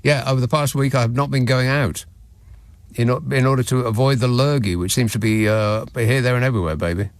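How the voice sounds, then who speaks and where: A man's voice: medium pitch, brisk, no echo. A man hosting a late-night radio phone-in, talking in a dry, sardonic, mock-indignant way.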